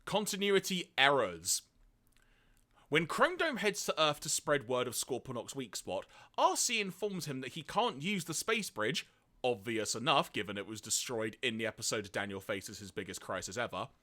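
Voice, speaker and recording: A man's voice: mid-range voice, very animated, normal speed, pushed and bright. A man co-hosting a casual podcast, reading out notes on an episode and laughing often. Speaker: podcast co-host.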